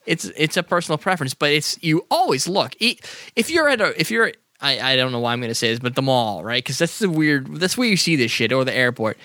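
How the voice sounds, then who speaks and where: A man's voice: on the high side, sing-song, brisk, pushed and bright, no echo. A tipsy man in casual chat, rambling and joking with plenty of profanity.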